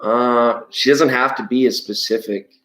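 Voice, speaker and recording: A Canadian man hosts a live tarot stream, reading viewer comments and bantering playfully, occasionally singing scales. His mid-range voice stays steady at a measured pace. The room is echoey, with heavy background noise.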